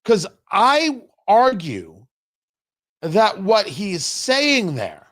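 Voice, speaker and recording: A man's voice: high voice, wildly swooping pitch, a bit bright. A man hosting a political talk show, giving emphatic, opinionated commentary. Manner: emphatic, opinionated, drawn-out pauses for stress.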